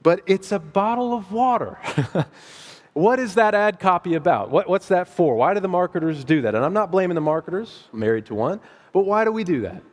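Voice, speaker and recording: Middle-aged male pastor, chatty animated sermon delivery, slightly higher voice, long hall reverb. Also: a little fast. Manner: conversational, animated, laughs at own asides.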